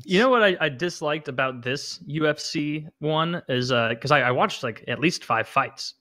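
A man in casual podcast chat, rambling in halting sentences full of fillers. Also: fairly high pitch, lively intonation, bright, forceful tone, no echo, studio quality.

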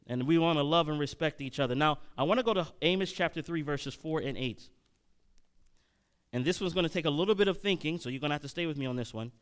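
A man preaching at a Bible study, reading scripture slowly and then speeding up with questions to the congregation. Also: a little high, clear, resonant tone. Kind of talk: sermon-style Bible teaching.

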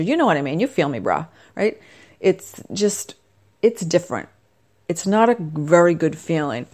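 A middle-aged woman rambling casually to the camera, chatty and self-deprecating. Her voice sits a bit low but swings up and down a lot, and she keeps drifting into side comments. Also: a little mellow. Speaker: vlogger.

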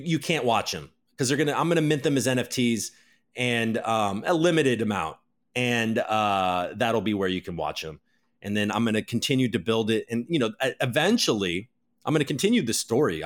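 A man hosting a live crypto news show, talking casually, joking and laughing often, with loud bursts and muttered asides. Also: mid-range voice. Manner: animated, joking, quick to laugh; swings between loud bursts and mumbled asides. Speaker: host.

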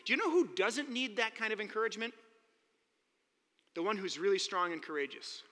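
Brief: male preacher, high, lively delivery, sermon with animated storytelling, reverberant hall. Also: fairly quick. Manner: animated storytelling, acting out quotes.

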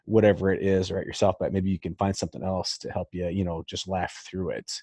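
Low-voiced playful male podcast host. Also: level tone, quick pace, darkish tone, breathy edge, dry recording, clean studio sound. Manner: playful, self-mocking, puts on silly voices. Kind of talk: casual podcast chat.

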